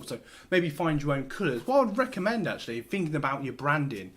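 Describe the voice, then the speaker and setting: A man's voice: a little high, sing-song, fairly quick, fairly bright tone. A man hosting a casual screen-share tutorial, talking loosely with lots of fillers and restarts as he works. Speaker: host.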